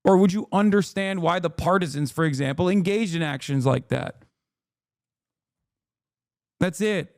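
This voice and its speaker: A man in the middle of a heated livestream rant, swearing and mocking as he goes. His voice is a bit high and worn hoarse from talking. The sound is dry and close to the mic. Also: unhurried, long pauses, darkish tone, dry recording. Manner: angry, swearing, sarcastic rants. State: losing his voice. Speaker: streamer reacting to a video.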